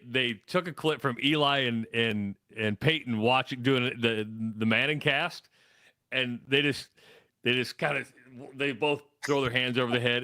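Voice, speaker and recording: Chatty middle-aged Midwestern radio host. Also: male voice, medium pitch, bright, forceful tone, dry recording. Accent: American Midwest. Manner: rambling, self-correcting storyteller. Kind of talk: casual sports talk. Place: radio studio.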